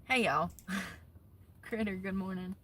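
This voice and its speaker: A woman livestreaming from her parked truck on her phone, talking in a chatty, animated way with lots of laughs and a slangy drawl. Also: medium pitch, slow pace, poor audio. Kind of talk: casual livestream chat.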